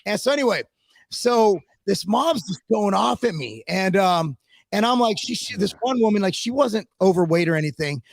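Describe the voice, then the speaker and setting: High-pitched gravelly man telling a story. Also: moderate pace, no echo. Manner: animated, profane, acts out quoted people. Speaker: podcast co-host. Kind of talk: casual storytelling chat.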